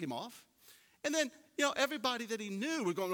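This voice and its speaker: A man's voice: very high voice, lively intonation, quick pace, fairly bright tone. A man preaching a sermon, telling folksy stories and building to emphatic points. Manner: folksy storytelling preacher, rising to emphatic peaks. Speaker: pastor. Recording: long hall reverb.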